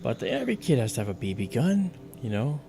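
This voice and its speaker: A man's voice: medium pitch, huge pitch swings, a little fast, vocal fry, background noise. A man hosting a livestream, telling a childhood story in casual chat and acting out the other people's voices as he goes. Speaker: livestream host.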